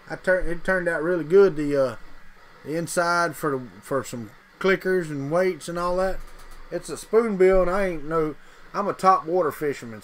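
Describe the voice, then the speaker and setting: A man's voice: a little high, poor audio. A man with a Southern US accent, hosting a casual livestream and chatting folksily with viewers as he reads their comments. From Mississippi. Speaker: livestream host.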